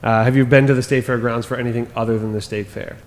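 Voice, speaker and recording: A man's voice: medium pitch, fast, a little hiss or hum. Man, podcast co-host, casual quiz questions, easygoing, echoey room. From Minnesota. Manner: laughs often, relaxed.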